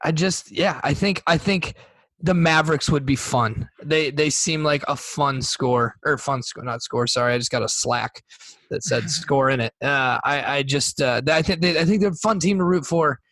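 A man co-hosting a podcast in casual chat, animated and full of restarts and hesitations. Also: a little high, moderate pace, no echo. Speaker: podcast co-host.

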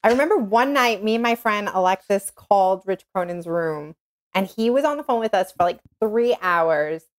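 Woman, thirties, New York accent, animated storytelling, filler-heavy casual talk. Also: medium pitch, moderate pace. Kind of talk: casual chat.

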